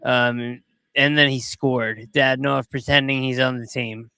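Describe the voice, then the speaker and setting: A man hosting a podcast, talking casually and in a rambling way as he comments over video clips, quick to get excited. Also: mid-range voice, gravelly, clean tone, no echo. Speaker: podcast host.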